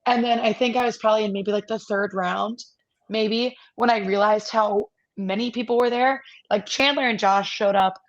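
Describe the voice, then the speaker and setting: A woman's voice: mid-range voice, moderate pace. Woman telling a story, slightly dull sound. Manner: animated storyteller, acting out other people's lines. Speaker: podcast co-host. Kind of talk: casual chat.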